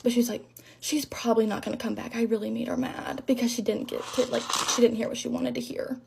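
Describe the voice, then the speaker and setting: A young woman telling a casual storytime about a rough shift at a drive-thru, rambling and filling her talk with "like". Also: a little high, level tone, fast, noisy background. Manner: chatty, rambling, lots of "like", shaken.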